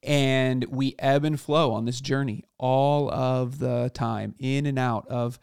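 A man in his thirties co-hosting a casual faith podcast, talking earnestly and searchingly with halting restarts. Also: medium pitch, steady tone, gravelly, darkish tone, clean tone, no echo, clean studio sound. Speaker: podcast co-host.

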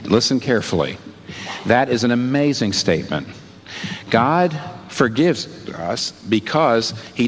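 A man preaching a sermon, asking rhetorical questions and moving between hushed and emphatic moments. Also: mid-range voice. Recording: long reverb with faint background noise.

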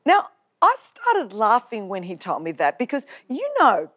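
A woman with an Australian accent giving a personal testimony talk, animated and humorous, acting out the lines she quotes. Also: medium pitch, unhurried. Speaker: preacher.

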